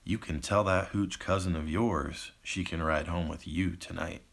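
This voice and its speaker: A man voicing a menacing young male bully who taunts in a low, quiet voice. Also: fairly even intonation, a little slow, creaky, exaggerated voice. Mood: taunting.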